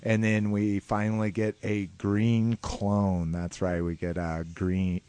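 A man's voice: lowish voice, little pitch movement, takes it slowly, warm tone, clean tone, no echo. A man co-hosting a casual toy-news podcast, patient and easygoing, with plenty of "uh"s between items. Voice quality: laid-back, patient delivery with filler "uh"s. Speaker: podcast co-host.

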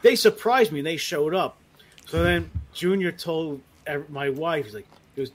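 A man co-hosting a podcast, telling animated, profane stories in casual chat. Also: fairly high pitch, moderate pace, background noise. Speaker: podcast co-host.

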